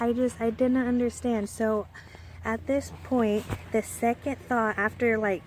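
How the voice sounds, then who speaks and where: A woman's voice: on the high side, fairly even intonation, measured pace, darkish tone, a little hiss or hum. A young woman telling a personal story in a casual storytime vlog, rambling with many fillers and restarts. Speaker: storyteller vlogger.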